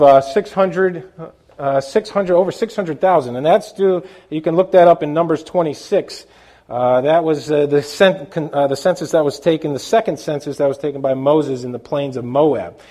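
Mellow-voiced man preaching a sermon. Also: a little high. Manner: asks the listeners questions, restarts with fillers.

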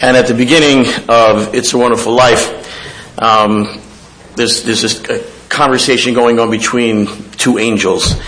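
A man's voice: medium pitch, fairly bright tone, low-quality recording. Nasal-voiced man preaching a sermon. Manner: halting, with fillers and restarts. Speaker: guest preacher. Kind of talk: sermon with scripture reading. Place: church.

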